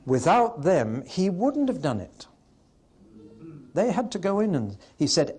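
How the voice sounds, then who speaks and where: A man preaching a sermon to a live audience with an emphatic, wry delivery and pauses for effect. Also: high voice, big pitch swings, warm tone, husky.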